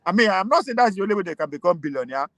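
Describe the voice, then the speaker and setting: High-voiced animated Nigerian man. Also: rapid-fire, dry recording. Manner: animated, laughing, mixing Pidgin and English. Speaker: political commentator. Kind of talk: casual political talk.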